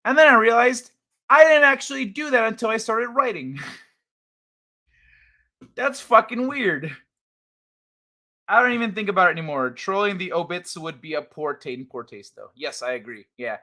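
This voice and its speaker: Speaking into a desk mic at home, a man hosts a casual livestream, reading chat aloud, cracking crude jokes and rambling with frequent restarts. His voice is a little high with a sharp tone.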